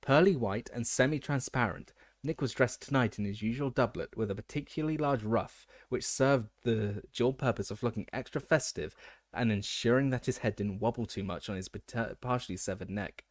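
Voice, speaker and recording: A man's voice: medium pitch, fairly quick, no echo, studio quality. A man reading a fantasy novel aloud as an audiobook narrator, often stumbling and restarting words.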